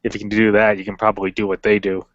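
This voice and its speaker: A man's voice: fairly low pitch, flat delivery, racing, a bit bright. A man explaining things in a dry manner during a casual voice chat. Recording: dull lo-fi voice chat.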